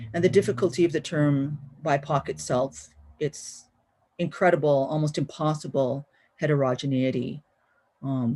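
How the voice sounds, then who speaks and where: A woman poet reading her own poetry at a live-streamed event, slow and deliberate, with lines trailing off quietly, heard over a video call. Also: deep voice, husky. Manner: slow, deliberate reading with hushed line endings.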